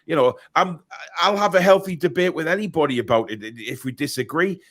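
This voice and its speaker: A man's voice: on the high side, animated, fairly quick, a bit bright. A middle-aged man, hosting a casual football show and reading out viewer comments in a rambling, chatty way. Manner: rambling, chatty, many restarts. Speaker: podcast host.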